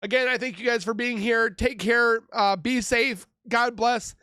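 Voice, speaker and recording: Chatty high-voiced man reacting. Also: fairly even intonation, pushed and bright, smooth, no echo, studio quality. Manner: chatty, blurts quick reactions. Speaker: reaction channel host. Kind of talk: casual reaction commentary.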